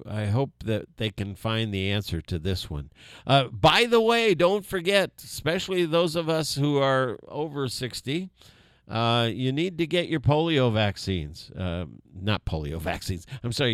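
An older man hosting a radio show, his voice sitting a little low. He rambles in a folksy way, full of "uh" and side stories, close to a dry studio microphone. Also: dry recording. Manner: rambling, many fillers, folksy asides. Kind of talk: casual on-air talk.

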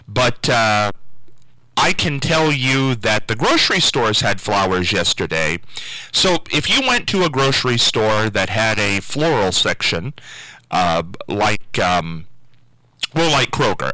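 Rambling bright-voiced radio host, dry sound. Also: male voice, medium pitch, no room sound, low-quality recording. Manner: rambling, full of fillers and restarts. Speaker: local radio talk show host. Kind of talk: casual call-in radio talk.

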